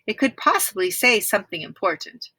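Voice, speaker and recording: A woman's voice: medium pitch, big pitch swings, fairly quick, pushed and bright, breathy edge, no echo, heavily acted. A woman reading aloud, voicing a practical, matter-of-fact twin boy. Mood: eager.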